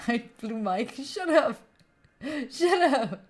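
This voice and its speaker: Lively playful woman chatting with her stream. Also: on the high side, very slow, pauses often. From Italy. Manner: playful, swears and laughs often, talks to chat. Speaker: study streamer. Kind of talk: casual live-stream chat.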